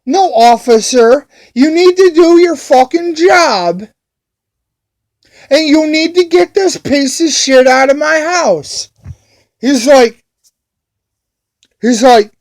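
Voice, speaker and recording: A man's voice: very high voice, expressive, slow pace, pauses often. A man telling an angry story about a police officer in a heated, profane, repetitive way.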